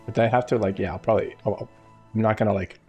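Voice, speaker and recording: Man streaming a game, rambling, halting, mellow voice, faint game music behind. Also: on the low side, steady tone, husky, dull audio. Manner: rambling, halting, many restarts. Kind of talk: casual live game commentary.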